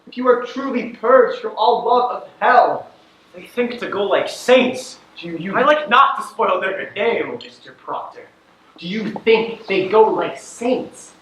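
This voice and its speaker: A teenage actor on a school stage playing an anguished, proud farmer, impassioned and breaking into shouts. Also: male voice, high-pitched. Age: late teens. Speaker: student actor. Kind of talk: stage acting in a school play. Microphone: distant camera in the audience. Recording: echoey hall from far off.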